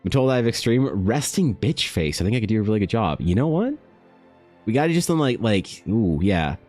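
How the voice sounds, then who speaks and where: A young man casually telling a story to his stream chat, animated and prone to exasperated outbursts. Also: brisk, soft background music. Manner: animated, trails into high exasperated rants.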